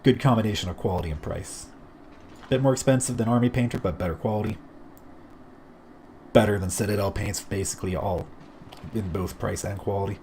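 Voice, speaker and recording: A man's voice: on the low side, fairly quick, long pauses, warm tone, a little hiss or hum. A man streaming a naval game, chatting casually and rambling through self-deprecating asides. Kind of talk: casual gameplay commentary.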